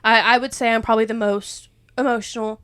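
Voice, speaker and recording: A woman's voice: on the high side, flat delivery, brisk, fairly bright tone, clear, resonant tone. A young woman, rambling and emotional as she opens up in a casual faith chat, laughing often. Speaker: podcast co-host.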